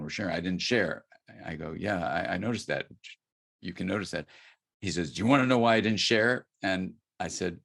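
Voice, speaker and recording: A man from the United States, a guest expert, telling a story in an interview answer, soft-spoken and dropping nearly to a murmur. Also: low voice.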